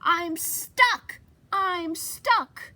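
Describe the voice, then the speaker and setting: Little blue truck for a storybook read-aloud, bright high beeping voice voiced by a woman. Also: extremely slow, full character voice. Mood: urgent. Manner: high squeaky honking beeps. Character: cheerful friendly little blue pickup truck.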